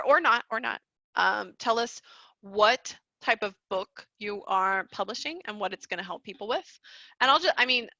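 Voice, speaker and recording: A woman's voice: mid-range voice, gravelly, bright, forceful tone, no room sound, muffled recording. A woman hosting a live online class, chatty and casual, laughing often and calling her listeners y'all. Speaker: online course host. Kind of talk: live webinar teaching.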